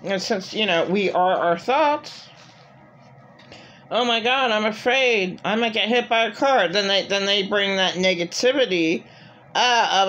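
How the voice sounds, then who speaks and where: A woman's voice: on the low side, fairly bright tone, a little hiss or hum. A middle-aged woman talking in an agitated, rambling personal monologue full of filler words. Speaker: vlogger.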